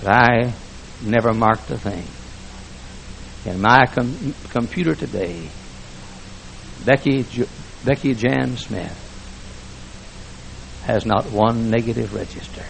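A man preaching a fiery church sermon, swinging between shouted lines and hushed speech with emphatic repetition. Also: mid-range voice, expressive, slow pace, creaky, long pauses, slight background noise, rough recording. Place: church sanctuary before a congregation.

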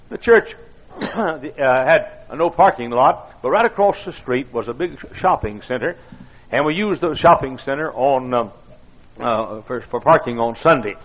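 A man's voice: mid-range voice, highs cut off. An older man, a pastor, telling stories in a folksy, self-deprecating sermon with many fillers and restarts. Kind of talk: storytelling sermon.

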